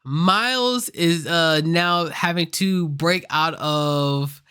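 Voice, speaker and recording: A man giving a casual, excited movie review in slangy, rambling talk. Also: a little high, very slow, clear, resonant tone. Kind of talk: casual animated film review.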